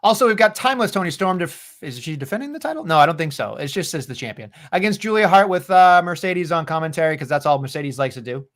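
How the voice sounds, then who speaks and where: A man's voice: a little high, lively intonation, quick pace, few pauses, a bit bright. A man co-hosting a podcast in casual, jokey chat, swearing freely. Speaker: podcast co-host.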